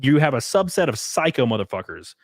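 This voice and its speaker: A man hosting a podcast, chatting casually and reading out viewer comments, blunt and profane, telling stories with animated energy. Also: mid-range voice, brisk, no echo, studio quality. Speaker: podcast host.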